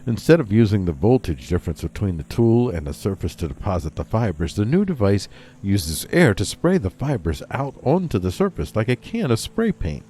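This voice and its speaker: Rambling, animated comedic news host. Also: male voice, fairly low pitch, normal speed, breathy edge. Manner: rambling, jokey asides, talks to himself. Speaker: podcast host reading news. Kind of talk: casual comedic news commentary.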